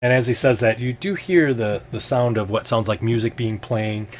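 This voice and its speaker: Man, game master, tabletop narration, hesitant, mid pitch, faint background noise. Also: moderate pace. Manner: hesitant, full of ums and restarts.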